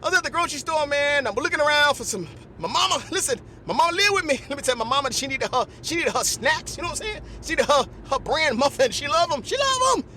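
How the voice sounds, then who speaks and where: High-voiced animated man telling comic stories. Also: fast, hardly any pauses, a little hiss or hum. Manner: animated, repetitive, lots of "listen" and "you know what I'm saying". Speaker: podcast host. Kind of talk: comedic storytelling monologue.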